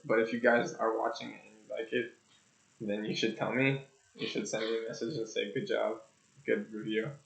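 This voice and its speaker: A man's voice: on the low side, creaky. A young man casually reviewing an album on his channel, rambling and joking, with loose profanity. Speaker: music reviewer. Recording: echoey room, dull lo-fi sound.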